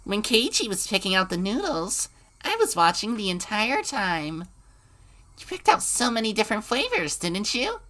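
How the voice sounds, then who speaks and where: A woman voicing a sweet yet menacing teenage girl in a visual novel, speaking in a soft, sing-song, eerily gentle way. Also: mid-range voice, sing-song, moderate pace. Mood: eerie sweet.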